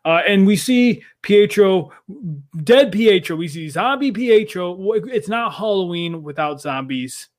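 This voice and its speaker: A man's voice: high voice, lively intonation, a little slow. A man co-hosting a podcast in casual chat, speculating eagerly and jumping between ideas. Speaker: podcast co-host.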